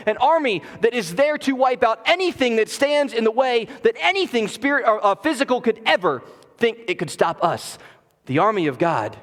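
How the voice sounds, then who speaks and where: A man preaching from the pulpit with a notably high voice, swinging between loud, emphatic declarations and hushed, intimate passages. His sermon rings through a church sanctuary with a long, lingering reverb. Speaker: pastor.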